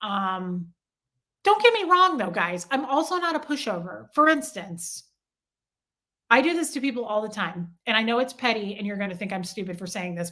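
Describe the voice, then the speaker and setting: Bright-voiced chatty woman streamer. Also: a little high. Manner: chatty, animated, self-deprecating, talks to viewers in chat. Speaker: live-stream host. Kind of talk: casual live-stream chat.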